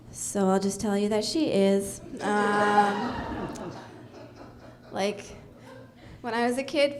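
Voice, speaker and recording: A young woman delivers a deadpan stand-up set through a stage mic, her fairly high voice dotted with ums and uhs. A faint hum of the room sits under her. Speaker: stand-up comedian. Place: comedy club stage.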